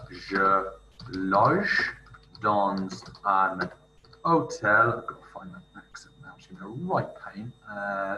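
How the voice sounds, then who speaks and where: A man talks through a writing exercise, thinking aloud and reading out foreign phrases slowly and carefully. His voice is bright and forceful, set a bit low. He sits a little back from the mic in a roomy space with faint noise underneath. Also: recorded from a distance. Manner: thinks aloud while typing, reads French phrases slowly. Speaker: language teacher. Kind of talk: screen-recorded tutorial.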